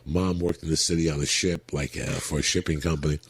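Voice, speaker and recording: A man, a comedian on a podcast, telling profane, animated stories and acting out the people in them. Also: a bass voice, fast talker, husky, dry recording. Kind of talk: profane storytelling.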